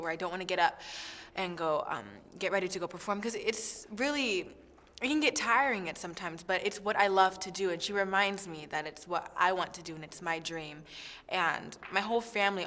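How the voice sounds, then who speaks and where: Bright-voiced young woman, chatty and excitable. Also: lowish voice, big-room sound. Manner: chatty and excitable, with many fillers. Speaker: singing contestant. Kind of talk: backstage interview.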